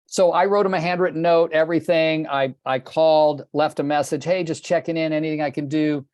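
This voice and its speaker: A man's voice: on the high side, steady tone, a little fast, darkish tone, no echo. An older man coaching real estate agents on a group video call, telling stories bluntly and with passion, swearing casually.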